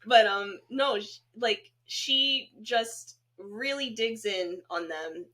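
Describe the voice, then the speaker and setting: A woman's voice: on the high side, slow. A woman co-hosting a horror movie podcast, chatting casually and chiming in often with agreement. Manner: frequent agreeing backchannels, expressive. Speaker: podcast co-host. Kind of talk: casual movie review chat.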